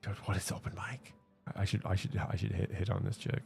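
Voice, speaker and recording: A man's voice: low-pitched, flat delivery, a little fast, gravelly, breathy edge, soft background music. A man streaming a game, chatting casually in a rambling, hesitant way with many restarts and fillers. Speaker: gaming streamer. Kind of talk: casual rambling chat while gaming.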